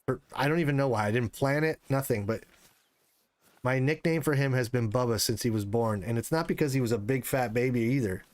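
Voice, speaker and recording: This thirty-something streamer plays a hunting game and chats loosely with his audience, swearing whenever things go wrong. He speaks briskly in a mid-range voice, and the recording is dry.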